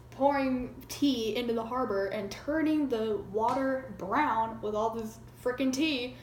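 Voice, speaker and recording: A woman's voice: on the high side, echoey room, slight background noise, poor audio. A woman casually retelling a history lesson in a chatty, irreverent way, acting out quotes and swearing now and then. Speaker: amateur history explainer.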